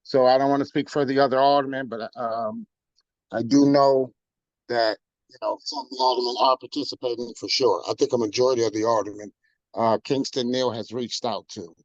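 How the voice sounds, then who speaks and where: A man's voice: mid-range voice, fairly even intonation, brisk, no room sound. Man on dull, dry lo-fi audio. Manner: casual, loose with fillers. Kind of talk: speaking at a council meeting.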